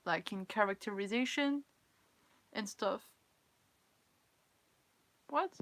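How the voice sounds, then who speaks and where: This is a tired young cosplay livestreamer, a native French speaker from France with a French accent, chatting casually live. Her voice is medium in pitch, a little slow, and fairly bright, with no room sound. She reads viewers' comments aloud, giggles often, and is self-deprecating.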